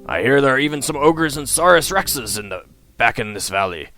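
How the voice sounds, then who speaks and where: A man's voice: mid-range voice, expressive, brisk, sharp tone. A man voicing a genial old male guildmaster, a retired adventurer who reminisces in a chatty, friendly way over faint guitar music.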